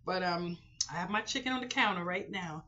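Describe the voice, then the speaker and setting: A woman's voice: on the low side, a little fast, sharp tone. A woman vlogger talking casually to her viewers, rambling and heartfelt with lots of fillers. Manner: rambling and heartfelt, many fillers, talks to viewers as "boys and girls". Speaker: frugal living vlogger. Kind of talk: casual personal chat to camera. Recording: dull lo-fi recording with faint noise.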